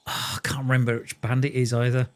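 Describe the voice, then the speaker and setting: A man's voice: medium pitch, flat delivery, quick pace. A man chatting casually while live-streaming a train simulator game, rambling, telling jokes and talking to his viewers. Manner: rambling, joking, talks to chat and himself.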